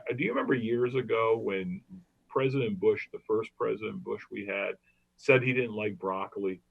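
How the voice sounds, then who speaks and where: A man's voice: fairly low pitch, moderate pace, vocal fry. A man hosting a comedy podcast, telling rambling jokey stories. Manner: joking, rambling storyteller. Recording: dull lo-fi recording.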